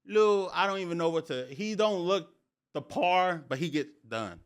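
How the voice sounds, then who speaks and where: A young man hosting a sports podcast, talking in an excited, slangy way and repeating phrases for emphasis. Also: high-pitched, normal speed, smooth. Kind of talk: excited casual sports talk.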